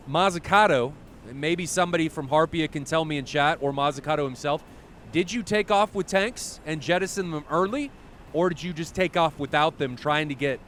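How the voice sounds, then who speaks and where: A man's voice: a little high, fairly bright tone, a little hiss or hum. Chatty man calling a flight-sim match. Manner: chatty, reads chat aloud, corrects himself often. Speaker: esports commentator. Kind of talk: live play-by-play commentary.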